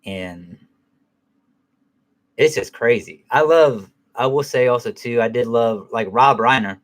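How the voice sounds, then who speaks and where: A man's voice: medium pitch, unhurried. Rambling, foul-mouthed middle-aged man. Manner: rambling, profane, self-correcting. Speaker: film reviewer. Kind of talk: casual spoken film review.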